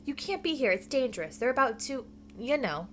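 A woman's voice: mid-range voice, lively intonation, normal speed, a bit bright, slight background noise, close to an everyday voice. A woman reading aloud, voicing a stubborn, loyal female crow who insists on staying. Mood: alarmed.

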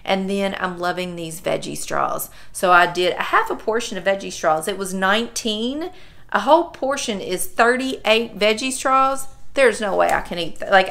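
A woman, chatting casually to camera in a lively, folksy way. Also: medium pitch. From Southern United States. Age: 50s. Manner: chatty and animated, laughs often, folksy phrasing. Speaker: vlogger.

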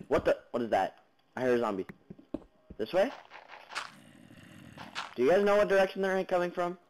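A man's voice: high-pitched, very animated, moderate pace, darkish tone, slight background noise, poor audio. A man giving jumpy let's-play commentary on a block-building game, chattering at monsters and viewers with sudden yelps, recorded on a basic computer mic. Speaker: gaming channel host. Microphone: basic computer mic, no headphones.

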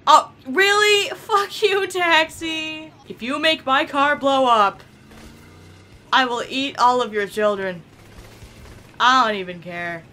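A young woman casually commenting on a game she is playing, excitable and giggly, swearing often. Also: sits high, takes it slowly. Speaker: gameplay commentator. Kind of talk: casual let's-play commentary.

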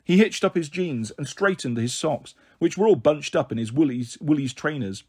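A man reading a novel aloud in an expressive storybook style, giving voice to the characters' dialogue. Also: on the high side, normal speed, husky. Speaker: audiobook reader.

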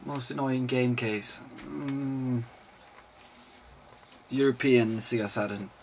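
Running on no sleep, a male video host answers viewer questions, rambling, joking and swearing freely as he chats. His mid-range voice is gravelly and darkish, steady in tone and slow, with slight background noise.

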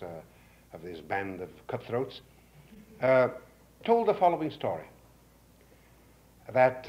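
An older man lecturing to an audience, telling a folk tale with lively character voices, on an old 1950s lecture recording. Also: a little hiss or hum, poor audio. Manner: animated storyteller, voicing characters with rising pitch. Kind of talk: storytelling lecture. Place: lecture hall.

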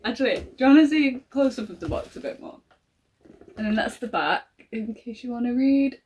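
A woman gushing excitedly through an unboxing vlog, gasping and giggling as she talks. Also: fairly high pitch, a little fast, dull audio, slight background noise. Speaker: collector unboxing a model horse. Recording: voice a little far from the mic.

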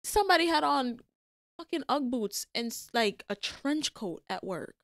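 A young woman co-hosting a casual chat, telling animated stories, laughing often and acting out quotes. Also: high-pitched, normal speed, dry recording, clean studio sound. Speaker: podcast co-host.

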